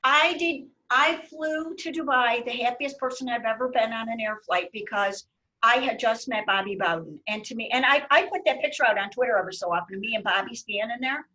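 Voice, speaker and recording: A middle-aged woman hosting a casual chat, telling lively stories and laughing often. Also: a little high, fairly quick, rough recording. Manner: animated storyteller, laughs often. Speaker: host.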